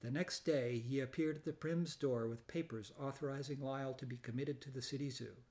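A man reading a children's storybook aloud in a calm, even storytelling manner. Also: mid-range voice, fairly quick. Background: loud background music.

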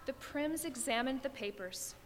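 Expressive woman reading a storybook. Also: moderate pace, a little hiss or hum. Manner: expressive, dropping soft and low for calm narration. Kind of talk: storybook read-aloud. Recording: long reverb with music behind.

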